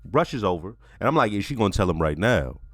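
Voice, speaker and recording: A man hosting a TV reaction channel delivers a casual, animated, profane episode review, speaking straight to his viewers. His voice is on the low side and brisk, recorded with studio quality and no echo.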